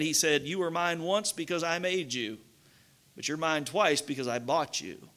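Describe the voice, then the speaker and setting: A man's voice: high voice, pushed and bright. A man with a Kentucky accent preaching a sermon as pastor, reading scripture and telling folksy stories with acted-out voices.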